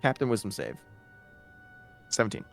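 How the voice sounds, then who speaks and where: A man's voice: on the low side, sing-song, creaky, dry recording, soft background music. Man narrating as game master. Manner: casual, halting narration with fillers.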